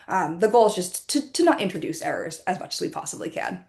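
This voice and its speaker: Woman presenting a webinar, voice going hoarse. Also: on the low side, big pitch swings, fast talker, a little mellow. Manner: conversational, frequent ums, restarts.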